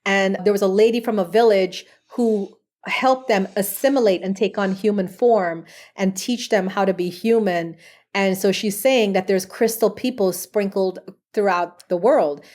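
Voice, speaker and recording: A woman's voice: medium pitch, unhurried, a little mellow. A woman guest on a podcast interview, a past life regression therapist talking earnestly in a casual, storytelling way.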